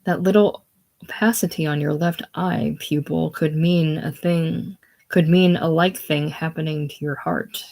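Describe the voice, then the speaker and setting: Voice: medium pitch, steady tone, measured pace, creaky, darkish tone. A reader voicing a sickly, brooding older man. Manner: theatrical, brooding, self-pitying. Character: ailing older man, consumptive, grandiose and lonely. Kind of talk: casual play reading.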